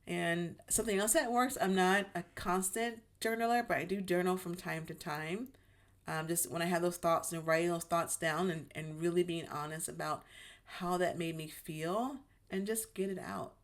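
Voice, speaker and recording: A woman hosting her own channel, talking in a gentle, reflective monologue about healing, with frequent restarts as she searches for words. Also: lowish voice, steady tone, moderate pace. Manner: gentle, self-reassuring, many restarts. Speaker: YouTube channel host.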